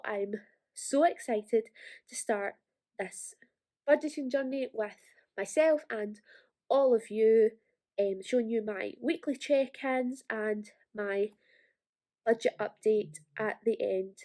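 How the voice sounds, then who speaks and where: Young Ayrshire Scottish woman, slightly high voice, quick chatty vlogger delivery. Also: warm tone. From Scotland. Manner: fast, chatty, self-deprecating. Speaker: planner vlogger. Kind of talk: casual tutorial walkthrough.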